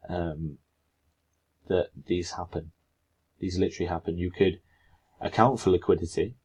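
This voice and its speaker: A man's voice: low voice, a little mellow, breathy edge. A man giving casual, chatty commentary as a trading educator, rambling and talking to himself in asides. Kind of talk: casual screen-share commentary.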